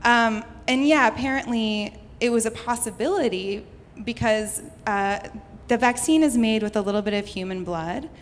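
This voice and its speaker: A woman's voice: a little high, normal speed. A young American woman from Houston, telling a personal story to a live audience in a chatty way, laughing often and saying "like" a lot. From United States (Houston). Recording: reverberant hall, faint noise.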